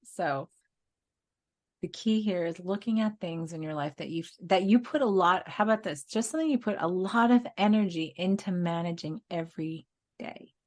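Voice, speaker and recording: A woman's voice: on the low side, expressive, normal speed, a little mellow. A woman co-hosting a casual spiritual podcast, telling stories in an earnest way and laughing now and then. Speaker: podcast co-host.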